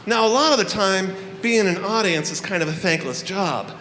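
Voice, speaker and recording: On a handheld microphone at a live venue hall, a man with a high voice opens a festival, speaking to the crowd at normal speed in a playful, profane, theatrical style. The background is noisy, and the hall is echoey with faint room ambience.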